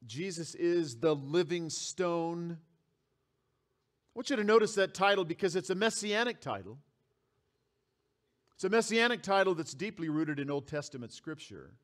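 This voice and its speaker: A man's voice: high voice, sing-song, moderate pace, pauses often, fairly bright tone. A man preaching a sermon as pastor, reading scripture aloud and repeating key phrases for emphasis. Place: church sanctuary.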